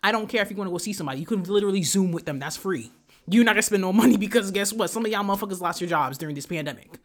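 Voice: mid-range voice, a bit bright. Fired-up young podcaster, swears constantly, lectures the audience head-on. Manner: profane, heated ranting; direct address to listeners. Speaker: podcast host. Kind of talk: solo podcast rant.

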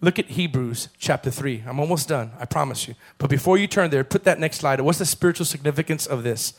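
A man preaching a sermon as pastor, calling on the congregation to repeat phrases and building to loud, fervent passages. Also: on the high side, brisk. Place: church.

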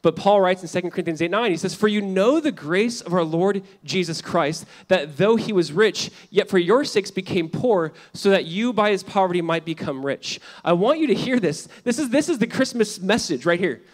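A pastor delivering a sermon in a fairly high male voice. He talks casually, full of fillers and asides, then drives points home loudly before dropping to a hush. The delivery stays animated and conversational throughout. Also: normal speed, few pauses. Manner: animated and conversational, swinging between loud emphasis and hushed lines.

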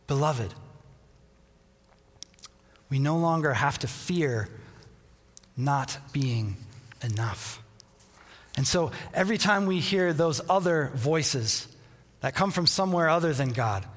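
Earnest pastor in a reverberant hall. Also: male voice, fairly high pitch. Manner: earnest, repeats a refrain, drops to a soft near-whisper. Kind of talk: sermon. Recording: long reverb in a large hall.

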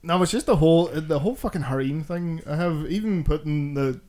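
A man on a podcast with a slightly high voice, ranting in casual chat. He swears constantly and laughs between his grievances. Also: brisk, a little mellow. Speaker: podcast host.

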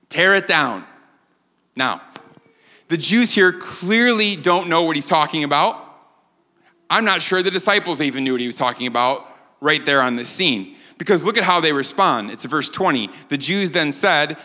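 A pastor preaching in a church sanctuary, high-pitched and bright in tone. His voice rings with a long hall echo as he acts out quotes with animation. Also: animated, moderate pace. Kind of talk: sermon.

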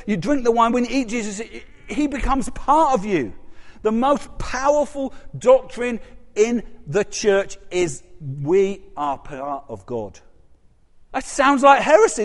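A man preaching a sermon in a church hall, animated and full of rhetorical questions, his voice rising and dropping sharply. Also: very high voice. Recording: long hall reverb.

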